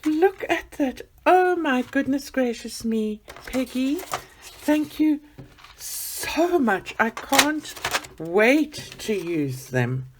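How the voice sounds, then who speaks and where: A woman chatting excitedly as she unboxes gifts for her vlog, gushing and gasping with delight. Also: high voice, very slow, a little hiss or hum.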